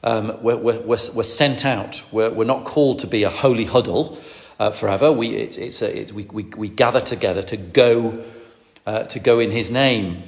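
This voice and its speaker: Preacher echoing through a hall. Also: male voice, fairly low pitch, moderate pace. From Lancashire, England. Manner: repeats words and restarts, emphatic. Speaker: preacher, ordained minister. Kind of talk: sermon. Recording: long hall reverb.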